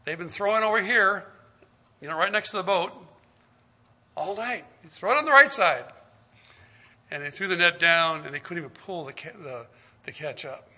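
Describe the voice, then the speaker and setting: A man preaching a sermon in a very bright, slightly raised voice. He retells scripture stories, acting out their dialogue, and puts direct questions to his listeners. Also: on the high side, moderate pace.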